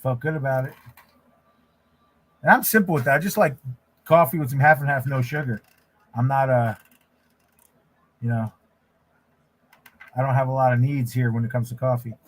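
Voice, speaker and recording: A man's voice: medium pitch, steady tone, moderate pace, pauses often. A man hosting a casual livestream while drawing, talking in a loose, rambling way with frequent restarts. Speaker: livestream host, artist.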